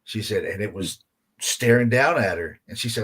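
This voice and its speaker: Low-voiced man telling a rambling story. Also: normal speed, fairly bright tone, breathy edge. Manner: rambling, profanity-laced, heavy on fillers like "you know" and "man". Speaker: guest paranormal investigator. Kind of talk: casual storytelling chat.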